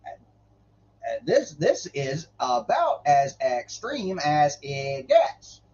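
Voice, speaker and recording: Man, stream host, irreverent, swears a lot, slow and deliberate, dull lo-fi audio. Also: a little high, big pitch swings, a little mellow. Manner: irreverent, swears freely, jokes between readings; reads old scripture slowly and deliberately. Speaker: host reading the Bible on a livestream. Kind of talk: casual commentary and scripture reading.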